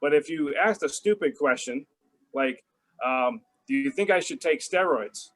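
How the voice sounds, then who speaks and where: A middle-aged man, a guest in an interview, tells a casual story in a fairly high, animated voice at a measured pace, a bit bright in tone. He rambles with lots of restarts and fillers and acts out phone calls in quoted voices. The audio is poor.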